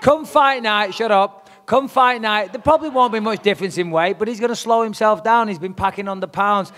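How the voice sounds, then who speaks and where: A man at a press conference, taunting and swearing with cocky swagger. His voice sits high for a man. It rings out with a long reverb, as in a big hall. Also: a little fast, a bit bright. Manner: brash, profane, taunting. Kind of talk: trash talk at a press conference.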